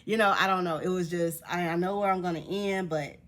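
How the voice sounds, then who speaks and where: A young woman vlogger telling a personal story to her viewers in a casual, animated way, laughing often and acting out what others said. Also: lowish voice, a little fast.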